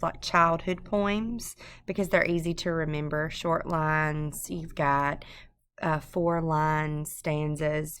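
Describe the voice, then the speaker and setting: A woman giving an unscripted recorded lesson on a poem, pausing often with ums and restarts. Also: on the low side, fairly bright tone, clean tone. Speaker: teacher. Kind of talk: screencast poetry lesson.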